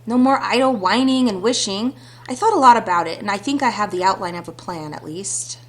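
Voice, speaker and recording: A woman's voice: medium pitch, fairly quick, close to an everyday voice. A woman reading aloud the lines of a young heroine who longs to escape her stepmother, in an earnest, reflective way. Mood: determined. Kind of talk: reading visual novel dialogue aloud.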